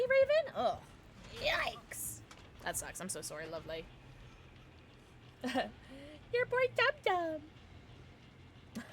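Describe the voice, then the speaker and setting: Young woman, giggly, bubbly streamer chat, swooping voice, unhurried, faint hiss behind. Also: a little high, fairly bright tone. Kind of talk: casual gaming livestream chat.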